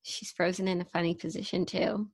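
A woman's voice: on the low side, steady tone, fairly quick, breathy edge. A woman co-hosting a podcast over a video call, chatting in a playful, casual way. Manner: playful, breaks into a silly rap. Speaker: podcast co-host. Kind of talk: casual chat.

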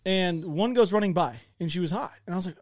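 A man's voice: sits high, fast talker, no echo, clean studio sound. A young man telling a military story on a podcast in a rambling, self-interrupting way, acting out the voices in it. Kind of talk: casual storytelling chat.

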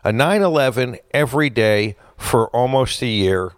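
A man's voice: mid-range voice, moderate pace, dry recording, clean studio sound. Wry co-host in his forties. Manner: wry, deadpan quips. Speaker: podcast co-host. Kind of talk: casual chat.

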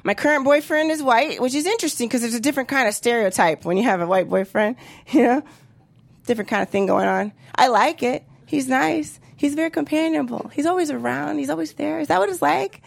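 A woman's voice: high voice, a little fast, gravelly, no echo. A woman in her thirties doing a profane, brash stand-up comedy set on a club stage, acting out the voices of other people. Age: 30s.

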